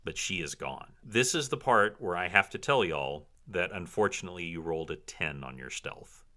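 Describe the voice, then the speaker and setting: A man's voice: deep voice, moderate pace. A man narrating a tabletop fantasy game as dungeon master, telling the scene with dramatic flair. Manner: animated, dramatic storytelling.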